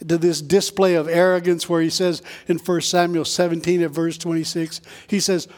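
A man preaching a sermon in a conversational way, tossing in quick asides and jokes for the congregation. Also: a little high, flat delivery, darkish tone. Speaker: pastor.

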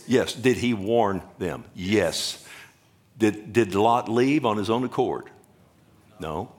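A man's voice: on the low side, lively intonation, takes it slowly. Preaching man quizzing his congregation. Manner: asks the congregation questions and answers them himself; jokes and laughs with the congregation. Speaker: pastor. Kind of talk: sermon.

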